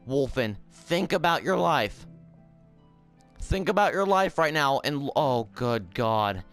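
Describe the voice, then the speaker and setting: A man giving casual gameplay commentary, swearing and shouting in frustration, then talking softly to his in-game pet. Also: medium pitch, expressive, slow, soft background music.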